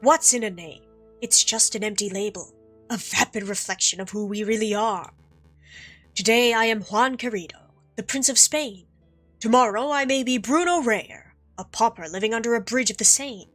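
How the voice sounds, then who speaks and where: A woman voicing a sly, smooth-talking male fox con artist in a game playthrough, theatrical and evasive. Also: fairly high pitch, normal speed, fairly bright tone, faint music behind. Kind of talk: reading game dialogue aloud.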